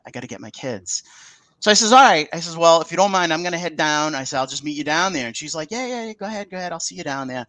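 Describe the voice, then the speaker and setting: Animated man telling a story, dry sound. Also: medium pitch, no room sound. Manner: animated, acts out quoted dialogue with many restarts. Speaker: podcast guest. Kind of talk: casual storytelling interview.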